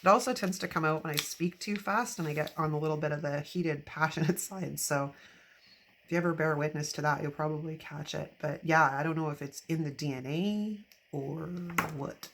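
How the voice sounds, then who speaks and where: A woman in her fifties talks through her planner work in a chatty, rambling way, laughing often. Her voice sits low and carries a gravelly edge. A steady hiss of background noise runs under the recording. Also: moderate pace. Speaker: planner vlogger. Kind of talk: casual chat while decorating a planner.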